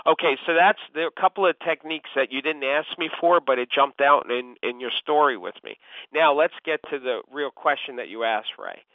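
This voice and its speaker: A man's voice: medium pitch, a little fast, no echo. A man acting as a real estate coach, giving instructive advice on a call and often addressing the listener by name. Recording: tinny phone line, dry.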